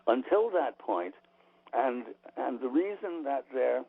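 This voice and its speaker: A man's voice: medium pitch, animated, slow pace, creaky, husky, dry recording. A man being interviewed on the radio, talking emphatically and opinionatedly with frequent restarts, heard over a tinny phone line. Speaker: author and guest.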